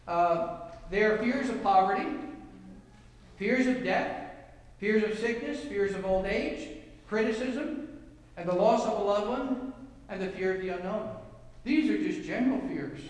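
A man with a high-sitting voice delivers a sermon as a pastor, reading scripture and sharing anecdotes while posing rhetorical questions to the congregation. The mic is far away in an echoey hall, and there's slight background noise.

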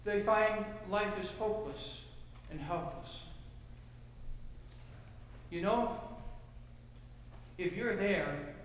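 A man's voice: extremely slow, pauses often, slight background noise. Preaching man in a reverberant hall. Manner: swings from low and soft to loud shouted cries. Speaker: pastor. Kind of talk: sermon. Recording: echoey hall with long reverb.

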